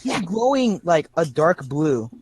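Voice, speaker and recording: A young man with a fairly high voice runs a tabletop game, describing scenes in a halting way, full of little restarts. He stops often to rephrase. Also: big pitch swings, noisy background. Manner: halting, many restarts and fillers. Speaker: game master.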